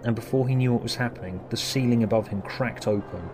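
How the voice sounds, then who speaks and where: A man telling a horror story in a measured, dramatic way, with music playing behind. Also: medium pitch. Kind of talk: scripted horror narration. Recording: narration over music.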